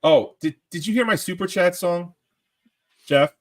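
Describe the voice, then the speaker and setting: A man chatting casually on a panel call, rambling and excitable, often tripping over his words. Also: high voice, a little slow. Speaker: panel guest.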